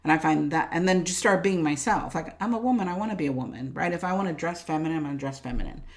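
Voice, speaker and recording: A woman coach speaking as a guest in an interview, pitched somewhat low. She tells her stories in an animated, chatty way, laughs often, and keeps checking in with "right?". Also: quick pace. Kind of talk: casual storytelling interview.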